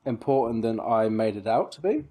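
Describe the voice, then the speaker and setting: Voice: mid-range voice, sing-song, normal speed, dark tone. Giggly book podcast co-host. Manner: laughs often, says "like" and "yeah" a lot. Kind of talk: casual book-discussion chat.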